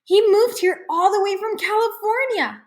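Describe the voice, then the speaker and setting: A woman voicing an excited young schoolboy telling his family news at dinner in a storybook read-aloud. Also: very high voice, normal speed, pitched above the performer's own voice. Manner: eager, bursting with news.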